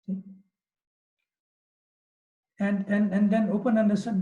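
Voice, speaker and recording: A man, a monk, giving a storytelling scripture class, halting with many restarts and fillers. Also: sits high, fairly even intonation, mellow, reverberant, muffled recording. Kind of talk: storytelling lecture.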